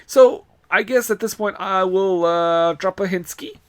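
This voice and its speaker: A man co-hosting a podcast in casual, joking chat, laughing often between quick asides. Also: sits high, clean tone, no room sound. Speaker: podcast co-host.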